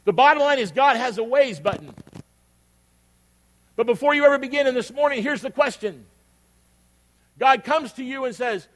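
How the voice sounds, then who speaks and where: A man's voice: very high-pitched, normal speed, long pauses. An older man, a pastor, preaching a sermon in a conversational storytelling way that builds to emphatic questions. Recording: long reverb of a hall.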